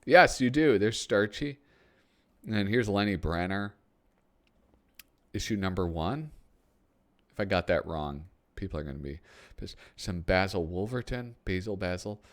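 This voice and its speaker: A man's voice: deep voice, lively intonation, unhurried, long pauses. A man hosting a casual flip-through of a magazine, rambling and thinking aloud with many ums. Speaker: host. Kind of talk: casual chat while flipping through a magazine.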